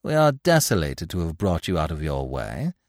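A man's voice: a bass voice, very animated, moderate pace, dry recording, voice pushed down. Suave, ironic young man; male narrator voicing him, dry and close. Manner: suave, wry. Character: quick-witted young man, smooth and ironic.

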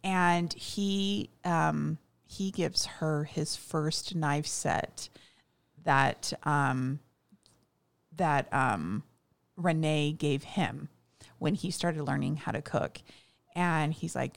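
Lower-voiced woman, halting casual storytelling. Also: creaky. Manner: hesitant storytelling with many fillers, acting out quotes. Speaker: podcast co-host. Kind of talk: casual chat recapping a TV movie.

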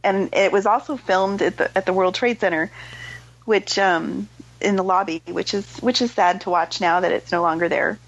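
A woman's voice: medium pitch, moderate pace, muffled recording. A woman on a film podcast chatting casually, speaking fondly and enthusiastically about a movie. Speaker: podcast co-host.

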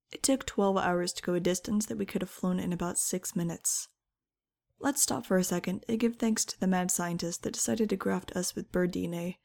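A woman narrating an audiobook in the first person, wry and conversational. Her voice has a gravelly, creaky texture at a middling pitch. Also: darkish tone.

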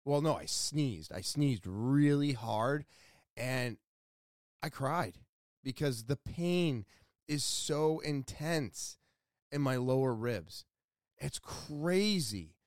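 A man talks through a casual solo podcast episode, blunt and self-critical, cursing as he pushes himself to do better. His voice sits in an ordinary middle pitch. He is recorded close in a dry space with no room echo. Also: lively intonation, slow pace. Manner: candid, self-scolding, swears freely. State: sore ribs from a ruptured muscle. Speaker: podcast host.

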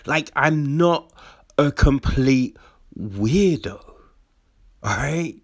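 Man, casual chat, laughs a lot, swears, lively swooping pitch, slow drawn-out delivery. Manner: laughs often, swears, animated rants.

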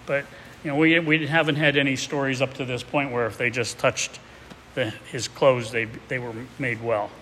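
A male pastor talks through a sermon in a conversational, reflective way, restarting his sentences now and then. His mid-pitched voice carries a long reverb tail from a large hall, with a faint hiss behind it. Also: bright, forceful tone. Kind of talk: expository sermon with a read-aloud excerpt.

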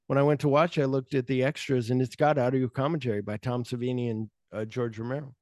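A man's voice: medium pitch, steady tone, fast talker, darkish tone, no echo, studio quality. A man hosting a podcast, chatting casually about movies in a loose, rambling way with lots of filler words. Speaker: podcast host. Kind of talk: casual film chat.

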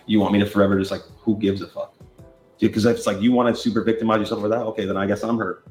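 A man argues fast and defensively, sarcastic and swearing. His voice sits in a roomy space with faint music behind. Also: on the low side, little pitch movement, darkish tone. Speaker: streamer in a played clip. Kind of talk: heated argument.

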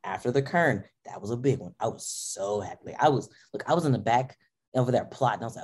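A young adult woman, a powerlifter guesting on a podcast, chats casually and animatedly, acting out her own remarks and laughing often. Her very deep voice is husky and darkish, and she speaks fast and expressively.

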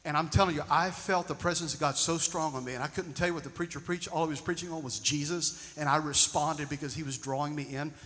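Bright-voiced preacher in an echoing hall. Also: male voice, on the high side, steady tone, fast, hardly any pauses. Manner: preaching, swinging between loud emphatic and hushed storytelling. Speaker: pastor. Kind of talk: sermon. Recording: long reverb of a large hall.

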